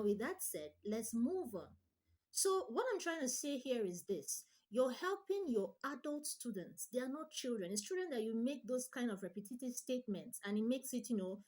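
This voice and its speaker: A woman online tutor giving an emphatic instructional talk, stressing her points with deliberate repetition. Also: on the high side, animated, darkish tone.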